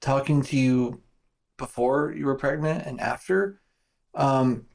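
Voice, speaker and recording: A woman hosting a podcast, chatting casually and encouraging her guest with gentle follow-up questions. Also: very deep voice, slow pace, gravelly. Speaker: podcast host. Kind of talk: casual interview chat.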